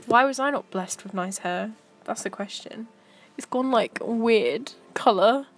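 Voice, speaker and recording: A woman's voice: fairly high pitch, a little slow, faint music behind. Chatty young woman live-streaming. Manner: chatty, giggly, talks to herself. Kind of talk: casual live-stream chat while browsing.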